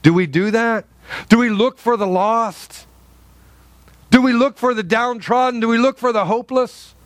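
High-voiced pastor preaching passionately. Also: male voice, moderate pace, no echo. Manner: impassioned, repeats rhetorical questions, calls for amens. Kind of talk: sermon.

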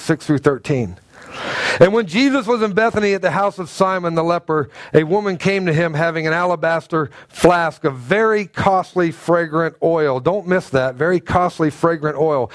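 A middle-aged man, a pastor, preaching a sermon in a church with animated, humorous storytelling and self-mocking asides. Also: on the high side, no echo. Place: church sanctuary.

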